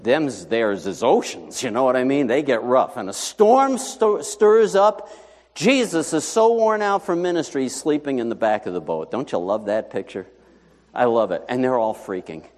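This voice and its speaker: A male pastor preaching a sermon in a lively, conversational way, full of rhetorical questions to the congregation. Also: mid-range voice, normal speed. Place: church sanctuary. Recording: long reverb in a large hall.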